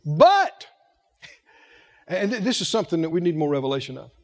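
A man preaching a sermon, keeping it animated and asking the congregation one rhetorical question after another. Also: fairly high pitch, moderate pace.

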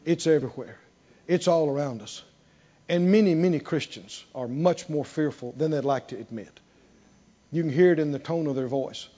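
A man preaching a sermon with animated emphasis, often asking the congregation questions. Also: fairly high pitch. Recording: dull lo-fi recording.

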